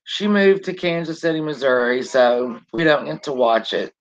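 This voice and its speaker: A middle-aged woman hosting a casual live stream, chatting warmly and greeting viewers by name. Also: low-pitched, expressive, normal speed. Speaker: livestream host. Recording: dull lo-fi stream audio.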